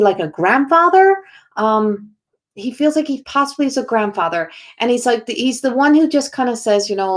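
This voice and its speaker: Acting as a psychic medium, a woman gives an unplanned oracle card reading, relaying what a spirit tells her in a rambling way full of "like" and restarts. Her voice sits on the high side.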